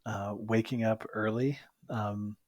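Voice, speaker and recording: A man's voice: lowish voice, level tone, slow pace, dry recording. A man hosting a podcast interview, talking hesitantly with many fillers. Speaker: podcast host. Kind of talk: casual conversational interview.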